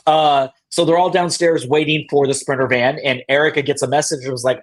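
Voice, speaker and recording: Speaking at a normal pace with a fairly high pitch, this male podcast host walks through a casual recap. His storytelling is lively, and he performs the quotes with bursts of laughter.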